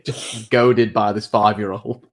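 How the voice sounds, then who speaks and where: A man co-hosting a podcast, laughing often as he adds quick asides to a casual film recap. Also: fairly low pitch, fairly even intonation. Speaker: podcast co-host. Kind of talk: casual movie recap chat.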